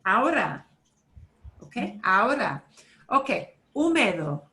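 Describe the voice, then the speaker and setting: A woman's voice: mid-range voice, very animated, measured pace, bright, forceful tone, reverberant. A woman teaching an online Spanish class for beginners, patiently modelling words for students to repeat.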